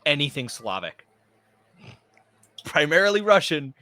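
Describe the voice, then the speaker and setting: A man's voice: on the high side, big pitch swings, measured pace, very noisy. A man co-hosting a gaming podcast in casual chat, rambling and joking crudely. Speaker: podcast co-host.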